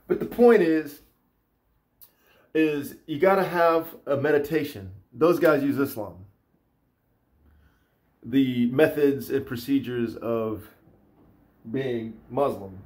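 A man ranting in a casual vlog, animated and profane, often repeating himself. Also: mid-range voice, takes it slowly, pauses often. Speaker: vlogger. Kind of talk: casual rant.

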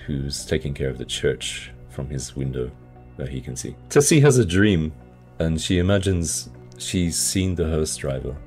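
A man's voice: a bass voice, animated, normal speed, darkish tone, faint music behind. A man hosting a casual book podcast, loosely recapping a plot with lots of hedging fillers. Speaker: podcast host.

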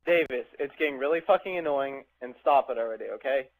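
A man's voice: medium pitch, fast. A young man in casual online party chat, irritated and defensive. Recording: tinny phone-like voice chat line.

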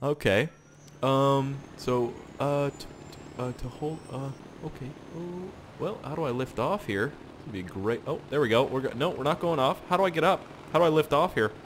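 A man giving casual gameplay commentary, excitable, swearing often and laughing at surprises. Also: mid-range voice, normal speed, background noise. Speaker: gaming channel host.

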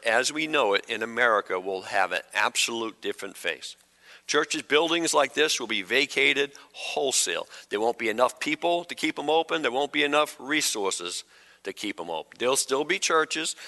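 A middle-aged pastor preaching a sermon, conversational, with quick humorous asides. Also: male voice, mid-range voice, pushed and bright. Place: church sanctuary. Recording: long hall reverb.

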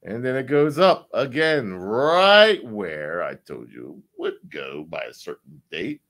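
Animated man breaking down charts. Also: takes it slowly, creaky, few pauses. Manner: animated, repetitive, swears, sweeps between loud and low. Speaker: crypto chart analyst.

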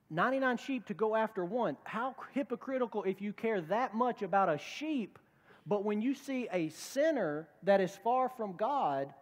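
A man's voice: high voice, big-room sound. A male pastor preaching a conversational sermon, acting out the voices of the people he quotes. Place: church sanctuary.

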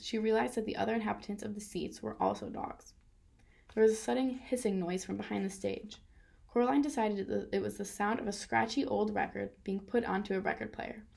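A woman reading a children's novel aloud in a steady storytelling manner. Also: medium pitch, creaky. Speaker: reader.

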